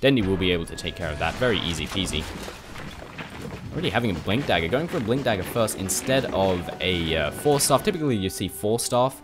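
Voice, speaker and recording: A low-voiced man rattles off quick play-by-play game commentary over a headset. Music plays clearly behind him, and his delivery is chatty and loose, with casual swearing. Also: lively intonation. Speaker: esports caster.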